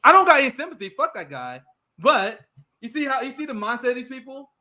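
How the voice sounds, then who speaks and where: Young male podcast host, high bright voice, swearing and mocking in loose banter. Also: big pitch swings, fast talker. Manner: profane, ranting, mocking impressions. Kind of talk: casual chat.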